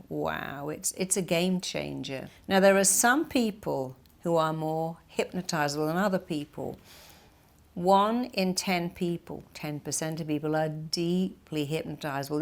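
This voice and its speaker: Woman, middle-aged, therapist, lowish voice, emphatic, motivational teaching talk. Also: creaky. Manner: emphatic, acts out inner voices in quotes. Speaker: therapist and hypnotherapist.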